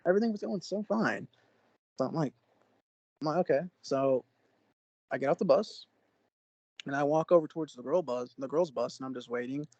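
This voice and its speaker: A young man from Oklahoma, a podcast co-host, telling a story in an animated, excitable way with sudden jumps in pitch. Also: moderate pace, pauses often, dry recording, muffled recording. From Oklahoma, USA. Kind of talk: casual storytelling.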